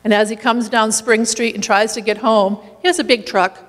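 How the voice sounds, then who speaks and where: A woman sharing a lively personal story in a church, laughing now and then as she talks. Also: a little high, moderate pace, long reverb tail. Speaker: community meal volunteer leader.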